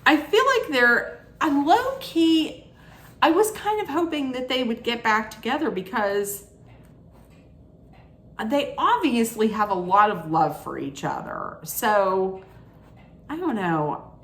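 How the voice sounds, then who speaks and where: A woman's voice: fairly high pitch, expressive, slow pace, pauses often, fairly bright tone, echoey room. A woman hosting a reality TV recap, giving blunt, judgmental commentary in an opinionated rant.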